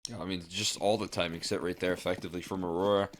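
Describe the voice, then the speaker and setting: A man giving live color commentary on an esports match, analytical and relaxed. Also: deep voice, fast, a little hiss or hum.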